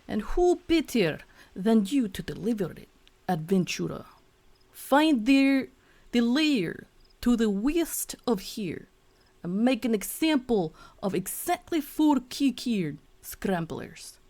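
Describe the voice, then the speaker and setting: A woman voicing a stern female soldier with slow, solemn delivery over game music. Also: very high-pitched, big pitch swings, pitched above the performer's own voice, exaggerated voice. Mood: grave.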